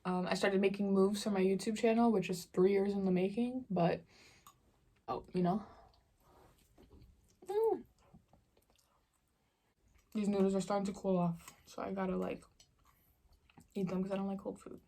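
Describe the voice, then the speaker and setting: A young woman talking casually to her camera while she eats. She tells stories in a relaxed, slangy way, full of fillers, at a mid pitch. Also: normal speed, pauses often. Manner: chatty slangy storytelling while eating. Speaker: vlogger. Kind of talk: casual mukbang Q&A chat.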